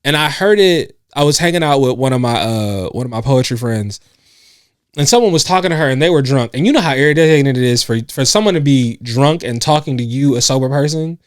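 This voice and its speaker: A man's voice: mid-range voice, animated, brisk, smooth, dry recording, clean studio sound. A man co-hosting a podcast in casual chat, telling stories, laughing often and acting out what others said. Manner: storytelling, laughs often, acts out quotes. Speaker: podcast co-host. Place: indoors on a couch.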